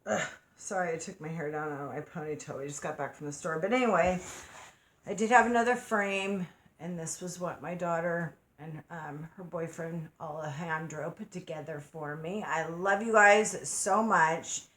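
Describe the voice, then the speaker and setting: A woman's voice: low-pitched, normal speed, roomy sound. A middle-aged woman hosting a casual craft unboxing vlog at home, chatty and gushing with affection. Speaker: craft channel host. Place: at home by her craft desk.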